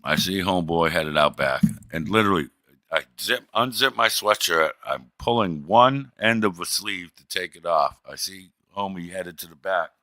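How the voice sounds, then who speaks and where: A man's voice: low voice, normal speed, sharp tone, no echo, studio quality. A middle-aged man streaming, telling a rambling, profane story in a wry, casual way.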